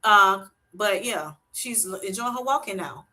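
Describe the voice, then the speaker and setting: Bright-voiced woman hosting a chatty livestream. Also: mid-range voice, unhurried. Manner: animated storytelling, laughs often; uses Southern-style endearments like honey and sweetheart. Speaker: livestream host reading chat. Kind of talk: casual livestream chat.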